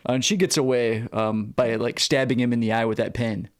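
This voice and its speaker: Chill podcast dude going over a movie, chuckles a lot, average pitch. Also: male voice, little pitch movement, moderate pace. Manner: laid-back, chuckling, drops short acted quotes. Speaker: podcast co-host. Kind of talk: casual movie recap chat.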